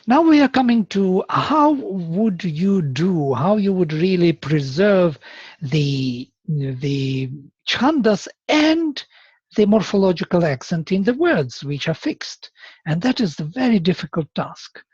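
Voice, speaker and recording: A man lecturing slowly and deliberately, explaining terms with chanted examples. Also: high voice, very animated, darkish tone, husky, dry recording. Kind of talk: university lecture. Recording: dull, lo-fi lecture recording.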